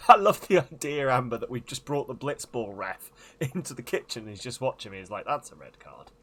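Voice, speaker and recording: A man's voice: mid-range voice, animated, a little fast, fairly bright tone, slight background noise. A man livestreaming a game, chatting in a giggly, self-mocking way. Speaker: streamer. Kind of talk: casual gaming livestream chat.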